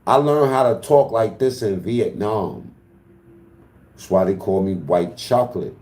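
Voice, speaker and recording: A man's voice: lowish voice, a little slow, warm tone, roomy sound. A man livestreaming in casual talk to his chat, taunting and profane as he trash-talks.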